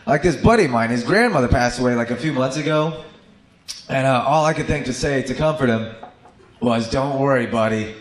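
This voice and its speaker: A male stand-up comedian on a club stage, delivering deadpan one-liners with small dry asides. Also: medium pitch, fairly quick. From Austin, Texas. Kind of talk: stand-up set. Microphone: handheld stage mic. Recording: echoey club with crowd laughter.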